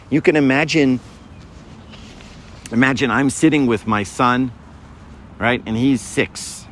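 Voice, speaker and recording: This fifties-aged man speaks at a medium pitch over a faint hiss or hum, giving young listeners a casual talk about faith. He often tosses in "right?" to check in, and he plays out small scenes using different voices.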